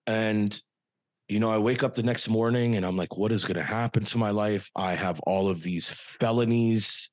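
A man speaking as a podcast guest, telling a personal story in an earnest, halting way with frequent pauses. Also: lowish voice, no echo.

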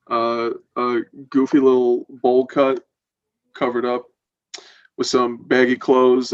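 Slow-talking laid-back man on a dull recording. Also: mid-range voice. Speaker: podcast co-host. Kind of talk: casual chat.

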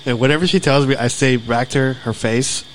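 Middle-aged man, relaxed podcast host, casual chat, slight hiss behind. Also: medium pitch, fairly quick. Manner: relaxed, laid-back storytelling.

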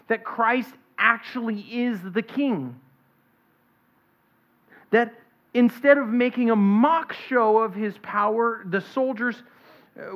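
Woman preacher, expository sermon, slow and deliberate, higher voice, dull lo-fi recording. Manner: deliberate, reads scripture quietly then stresses points.

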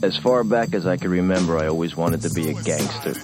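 An actor as a low-voiced gangster narrator. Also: male voice, fast talker, natural voice. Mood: reflective. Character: man narrating his gangster life. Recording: distant film clip with loud music.

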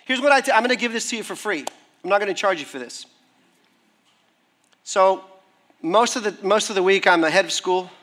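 A middle-aged man preaching a sermon, animated, acting out the voices of figures from scripture. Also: sits high. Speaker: preacher, school head and therapist.

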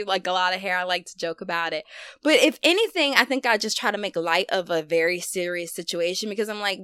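Young woman vlogger, candid and chatty, bright clear tone, dry close sound. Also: mid-range voice, no room sound. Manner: candid, conversational, heavy use of fillers. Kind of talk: personal storytelling vlog.

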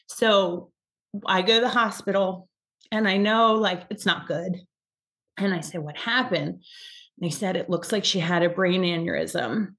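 A woman's voice: lowish voice, measured pace, fairly bright tone. A young adult woman telling a personal story in a rambling, casual way, with many restarts and fillers, and getting choked up at times.

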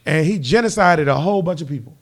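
A man co-hosting a casual podcast, talking loud and laughing a lot. His voice sits a bit higher than most men's. He jumps in over the others in easy banter. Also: expressive, fast. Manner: loud, joking, laughs often. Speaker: podcast co-host.

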